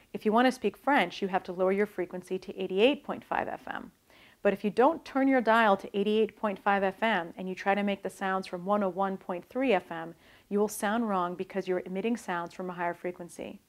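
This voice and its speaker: A female author with a medium-pitched voice gives a calm, scripted talk about learning languages, demonstrating pronunciation along the way.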